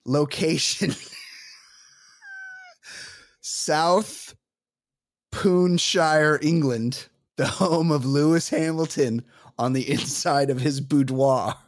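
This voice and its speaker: A man's voice: fairly high pitch, drawn-out words, pauses often, dry recording, studio quality. A man co-hosting a comedy podcast, reading listener mail and rambling while laughing at his own jokes. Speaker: podcast co-host.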